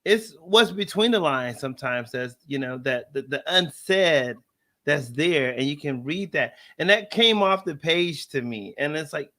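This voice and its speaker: A man from Texas hosting a casual live interview over a video call, chatty and quick to laugh as he tells stories. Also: fairly high pitch, lively intonation, bright, forceful tone. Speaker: host.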